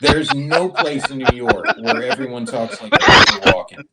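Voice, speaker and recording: Lively, emphatic man in casual chat. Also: on the high side, normal speed, gravelly, very noisy. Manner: emphatic, playfully argumentative. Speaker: podcast co-host.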